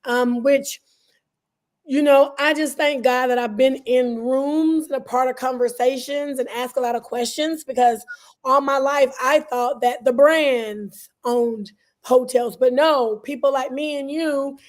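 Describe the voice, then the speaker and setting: Southern woman guest, high voice kinda scratchy and worn, friendly. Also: steady tone, a little slow. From Southern US (Alabama, Georgia). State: scratchy, partly lost voice. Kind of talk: interview answers.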